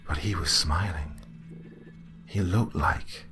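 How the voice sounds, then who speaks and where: A man's voice: low-pitched, sharp tone, faint music behind, exaggerated voice. A man voicing a shaken, tearful teenage girl. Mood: frightened. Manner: halting, trailing off, fearful.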